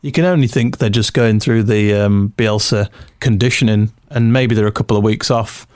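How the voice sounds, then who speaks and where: A man hosting a casual football podcast, running through stats and fixtures in a brisk way. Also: lowish voice, no room sound, clean studio sound. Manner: reads out match stats briskly. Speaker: podcast host.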